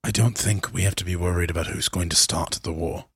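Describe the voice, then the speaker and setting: A man's voice: low voice, fairly even intonation, brisk, breathy edge, dry recording, clean studio sound. A man voicing a determined envoy bent on keeping the peace in a tabletop game, earnest and insistent.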